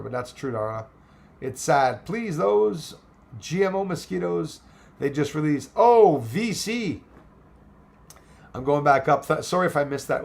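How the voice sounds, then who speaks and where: A man's voice: medium pitch, creaky, a little hiss or hum. A man hosting a casual livestream, rambling and thanking viewers by name as he reads their comments aloud. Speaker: livestream host reading chat. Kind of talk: casual live chat.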